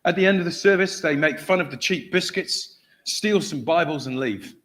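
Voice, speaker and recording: A man's voice: on the high side, moderate pace, a little hiss or hum. A man preaching at a church, telling a story with acted-out voices and frequent laughter. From England. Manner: animated storyteller, acts out shouted voices, laughs often. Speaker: guest preacher. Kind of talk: sermon storytelling.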